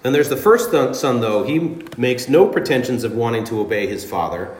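A man preaches as pastor in a church sanctuary, earnest and emphatic, giving dramatic scripture readings. His voice is medium-pitched with lively intonation at a normal speed, and the room is reverberant.

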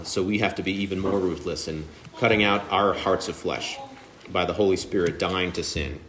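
Earnest low-voiced male preacher. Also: a bit bright, slight background noise. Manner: earnest, emphatic preaching with deliberate pauses. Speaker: pastor. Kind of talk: sermon.

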